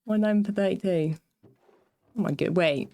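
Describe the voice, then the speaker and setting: A woman's voice: medium pitch, moderate pace, dark tone, no echo. A woman streaming herself building in a game, chatting casually in a rambling way, breaking off mid-sentence and laughing as she talks to her viewers. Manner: rambling, self-interrupting, laughs often, talks to chat. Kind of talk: casual livestream chat while building in a game.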